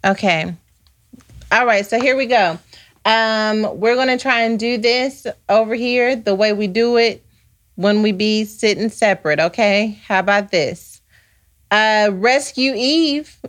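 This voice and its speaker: A woman's voice: medium pitch, measured pace. A woman hosting a live podcast, chatting casually and reading viewer comments aloud. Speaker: podcast host. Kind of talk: casual live-stream chat.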